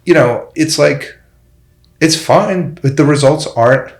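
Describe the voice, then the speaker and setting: A middle-aged plastic surgeon, a guest on a casual podcast, speaks bluntly and with feeling, animated and opinionated. His voice is fairly high-pitched and a little slow.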